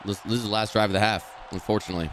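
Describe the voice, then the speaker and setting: A man streaming a football video game, talking through each play and often swearing and yelling at the game in frustration. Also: on the low side, steady tone, very fast, slight background noise. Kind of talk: live gameplay commentary.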